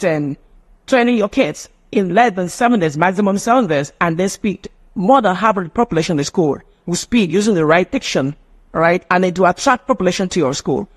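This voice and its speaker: Brief: Nigerian-accented male phonetics teacher, fairly high voice, rambling delivery with frequent restarts. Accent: Nigerian English. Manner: rambling, repeats and restarts phrases. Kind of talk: live online class.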